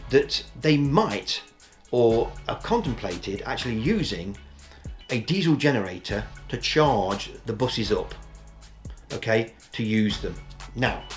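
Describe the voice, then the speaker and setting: A news vlogger with a medium-pitched voice gives casual, opinionated commentary. He talks in a chatty, rambling way, full of ums and restarts.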